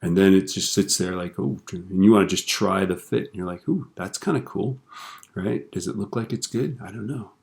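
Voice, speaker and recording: Brisk and barely pausing, a deep-voiced man with vocal fry walks through a screen-recorded software lesson from his computer. He's relaxed about it, tossing out corny jokes and tag questions as he goes.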